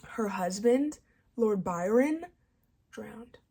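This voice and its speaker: A young woman book vlogger excitedly retelling a novel's plot in a chatty way, full of "like" and paraphrased character lines. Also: medium pitch, drawn-out words, breathy edge. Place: home, early morning.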